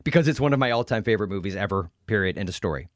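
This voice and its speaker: A man's voice: lowish voice, animated, rapid-fire, dry recording, studio quality. An American man hosting a podcast in casual chat, joking and laughing often. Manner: jokey, laughs often, bursts into silly voices. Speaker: podcast host.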